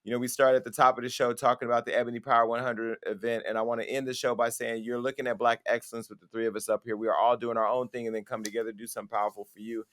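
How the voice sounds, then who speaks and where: A man's voice: mid-range voice, flat delivery, rapid-fire, few pauses, fairly bright tone. A man hosting a talk show, speaking bluntly and joking in casual chat with his co-hosts. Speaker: host.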